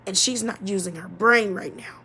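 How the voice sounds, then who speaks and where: A woman telling a painful childhood story as a personal testimony, halting and emotional, often dropping to a near-whisper. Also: mid-range voice, vocal fry, bright, forceful tone, slight background noise. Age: adult.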